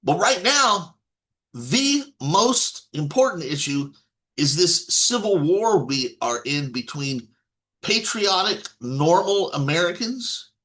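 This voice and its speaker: A man's voice: high voice, big pitch swings, slow, a bit bright. A man giving an off-the-cuff political monologue to his viewers, rambling with many restarts and blunt swearing. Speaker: political commentator.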